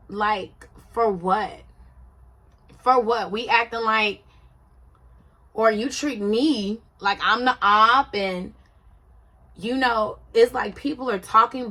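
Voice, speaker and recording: Her mid-range voice sounds pushed and bright as she offers casual commentary on a reality show. She's conversational and emphatic, often asking "you see what I'm saying" to confirm the listener is with her.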